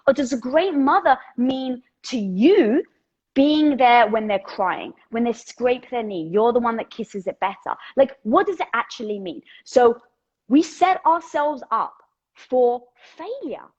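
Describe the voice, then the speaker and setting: Lady on a live stream, husky kinda high voice, chatty motivational rambling, dull headset sound. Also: animated, unhurried. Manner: chatty, swearing lightly, thinking out loud. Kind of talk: casual motivational talk.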